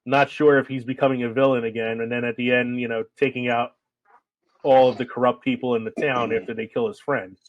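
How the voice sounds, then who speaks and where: A man's voice: mid-range voice, little pitch movement, a little fast, highs cut off. A man co-hosting a casual film podcast, laughing often and chatting loosely. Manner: laughs often, puts on quoted voices. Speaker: podcast co-host. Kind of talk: casual chat.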